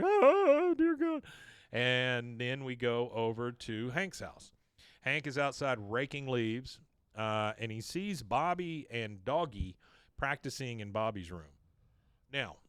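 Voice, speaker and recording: A man co-hosting a podcast, casually recapping a cartoon episode and jumping into quick put-on voices for the characters' lines. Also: medium pitch, a bit bright, clear, resonant tone, no echo, studio quality.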